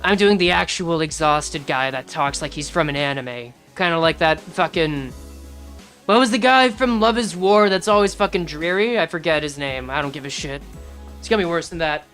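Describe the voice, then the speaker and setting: A woman streaming a game, chatting casually with excitable, rambling talk and frequent swearing. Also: deep voice, moderate pace, soft background music. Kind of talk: casual live-stream commentary.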